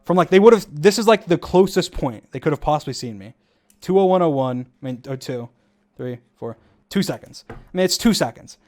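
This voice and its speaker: A man's voice: a little high, expressive, brisk, a little mellow. A young man streaming, casually talking through his own gameplay with rambling restarts and frequent chuckles. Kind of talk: casual gaming commentary.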